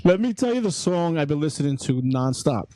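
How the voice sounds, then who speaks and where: A man's voice: fairly high pitch, sing-song, a little fast, heavy background noise. A man with a New York accent mixing Brooklyn and Long Island, a podcast guest talking bluntly and swearing freely. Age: older. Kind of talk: casual podcast chat.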